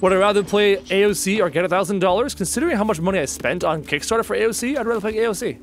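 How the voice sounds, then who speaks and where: A man's voice: sits high, rapid-fire, faint music behind. A young man streaming a survival game live, chatting casually with viewers and joking as he plays. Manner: casual, joking, addresses chat as dude.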